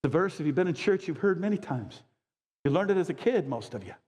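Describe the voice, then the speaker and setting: A man in his sixties preaching a sermon as a pastor, high-energy and emphatic with folksy asides. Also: lively intonation, quick pace, a little mellow, dull audio. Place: church sanctuary. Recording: long church reverb.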